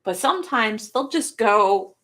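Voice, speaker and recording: A woman's voice: on the high side, animated, measured pace, sharp tone. A woman co-hosting a live podcast, telling stories in a rambling, casual way with lots of fillers. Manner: rambling, filler-heavy storytelling. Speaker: podcast co-host. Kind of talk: casual live-stream chat.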